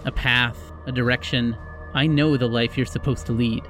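A man voicing an older grandfather's spirit who speaks seriously and in measured words. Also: medium pitch, steady tone, fairly bright tone, slight background noise, lightly acted.

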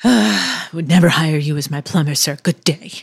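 A woman's voice: sits low, normal speed, creaky, husky, dry recording, clean studio sound, full character voice. A woman doing a crude, indignant plumber. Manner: swearing, exasperated.

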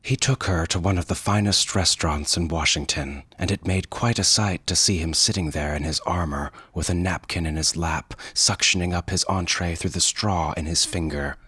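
A man reading a short story as its narrator in a measured, dry storytelling manner. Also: low voice, pushed and bright, husky, no room sound. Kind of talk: scripted narration.

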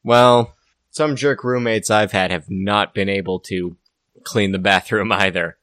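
Low-voiced wry man co-hosting a podcast. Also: a little slow, fairly bright tone, no echo. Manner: wry, rambling, many restarts. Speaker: podcast co-host. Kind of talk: casual podcast chat.

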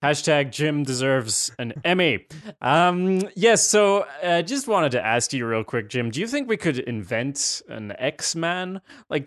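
A man's voice: a little high, a bit bright. A man hosting a television discussion podcast, rambling and joking in casual chat. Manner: rambling, jokey, full of fillers and restarts. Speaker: podcast host.

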